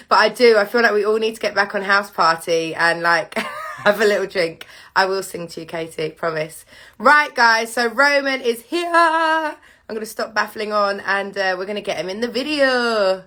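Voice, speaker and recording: Bright-toned bubbly woman hosting a live stream. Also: medium pitch, normal speed. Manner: chatty, bubbly, talks straight to viewers. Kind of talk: casual live-stream chat. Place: home living room with piano and candles.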